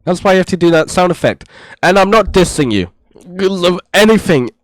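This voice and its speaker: A man giving casual reaction commentary in a rambling, exasperated way on a low-quality mic. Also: lively intonation, fairly quick, no echo. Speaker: reaction streamer.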